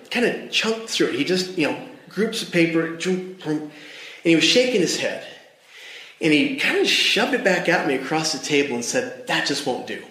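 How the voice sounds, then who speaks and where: A man's voice: fairly high pitch, fairly bright tone. A man giving a church devotional talk. He tells a personal story earnestly and speaks straight to his listeners. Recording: echoey room.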